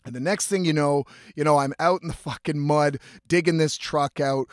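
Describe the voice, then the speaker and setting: A man's voice: a little high, steady tone, moderate pace, no echo, clean studio sound. A man, hosting his own show and telling a long rambling story with heavy swearing and lots of fillers. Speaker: host. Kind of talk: casual storytelling monologue.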